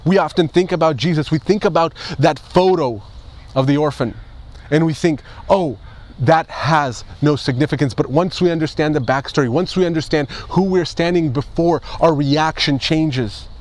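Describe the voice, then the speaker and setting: A man's voice: fairly high pitch, moderate pace, a little mellow. A male pastor delivering an Easter sermon, emphatic, with rhetorical questions and repeated phrases.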